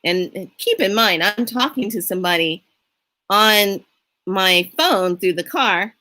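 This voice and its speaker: A middle-aged woman telling a story in a casual monologue, unhurried and animated, acting out what people said. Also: medium pitch. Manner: unhurried, animated retelling with acted-out quotes. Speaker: spiritual reader and vlogger.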